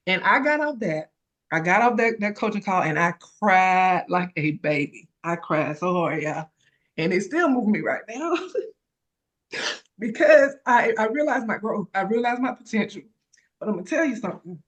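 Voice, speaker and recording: A woman telling an emotional personal story about starting her business, animated and close to tears. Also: mid-range voice, normal speed. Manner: animated storytelling, acts out others' voices. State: tearful. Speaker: credit repair consultant sharing her story.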